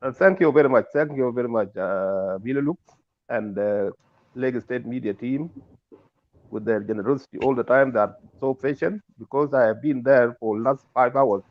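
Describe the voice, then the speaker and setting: A man's voice: medium pitch, normal speed, muffled recording. A man calling in with formal remarks, hesitant and full of fillers. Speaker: caller.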